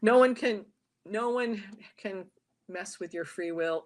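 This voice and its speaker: A woman's voice: mid-range voice, slow. A talkative woman, a tarot reader and guest, chatting casually in an interview and acting out little quoted voices as she tells her stories. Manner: talkative, animated storyteller who acts out quotes.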